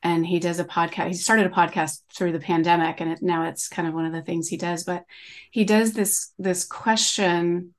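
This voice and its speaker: A middle-aged woman, a coach talking as a podcast guest in an animated, rambling way, full of "like" and "you know". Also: fairly low pitch, normal speed. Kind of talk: conversational interview.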